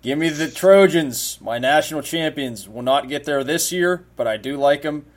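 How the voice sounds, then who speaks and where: A man's voice: fairly high pitch, normal speed. A man co-hosting a casual sports picks chat. He gives blunt, wry one-liners. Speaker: co-host.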